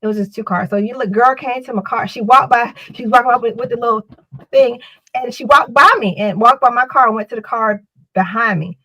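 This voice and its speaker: In a rough recording, a woman with a slightly high, bright, forceful voice speaks a little fast. She's a podcast co-host telling a casual story in a loose, rambling style full of repeated words and restarts.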